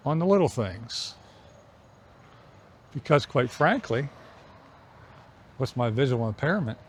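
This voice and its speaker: A man's voice: a little high, slight background noise. Reflective middle-aged man musing outdoors. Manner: musing, unhurried, pausing between phrases. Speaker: vlogger. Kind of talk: reflective walking vlog chat. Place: outdoors on an evening walk.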